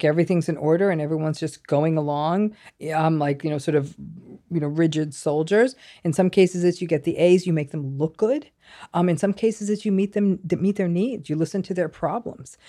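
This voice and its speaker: A woman psychologist guesting on a podcast, explaining calmly and backing her points with examples. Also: on the low side.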